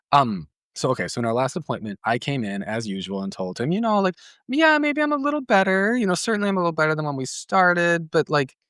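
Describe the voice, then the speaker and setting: Low-voiced man telling a personal story. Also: no echo, clean studio sound. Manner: casual, many "like" fillers, occasional swearing; emotional, inward. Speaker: therapist and podcast host.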